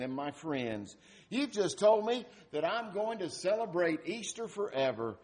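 Sermon storytelling: a preacher doing a cheerful devout old lady, voice lifted higher. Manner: earnest, gently insistent. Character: elderly devout woman, cheerful, dying patient.

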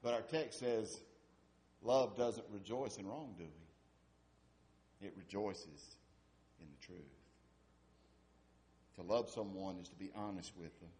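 Pastor guy giving a sermon, chatty, asks the crowd questions, voice drops soft at the end of lines. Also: lowish voice, slow, long pauses. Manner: conversational, asks rhetorical questions, trails off softly at phrase ends.

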